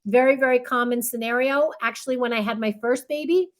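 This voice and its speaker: A middle-aged woman with a high voice walks expectant parents through the stages of labor. She talks in a relaxed, conversational way and keeps checking in with her listeners. When she plays the staff in the room, she acts out what they say. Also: a little fast. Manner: chatty, reassuring, keeps checking in with "right?"; acts out what midwives and nurses say. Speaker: childbirth educator. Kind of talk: casual instructional talk with a demonstration.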